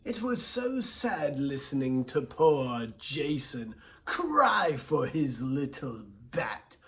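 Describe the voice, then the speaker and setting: A man voicing a manic male supervillain clown, taunting in a high, shrill voice with wild shouting laughs. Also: big pitch swings, slow pace. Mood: gleeful.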